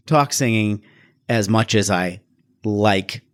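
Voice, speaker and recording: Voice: medium pitch, slow pace. A co-host chatting casually about a movie, playful and wry. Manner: playful, wry, laughs often. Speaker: podcast co-host. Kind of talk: casual movie-review chat.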